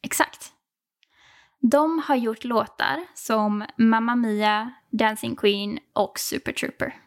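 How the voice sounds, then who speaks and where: Swedish-native female tutor, slightly high voice, patient and encouraging. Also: fairly even intonation, takes it slowly. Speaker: language tutor. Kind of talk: casual language lesson.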